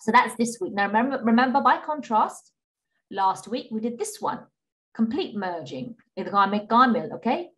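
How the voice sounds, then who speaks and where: A woman's voice: on the high side, animated, fairly bright tone. Patient woman teaching Qur'an reading. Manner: patient, repeats and checks with "okay?"; models Arabic sounds slowly, drawn out. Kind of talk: online class lesson.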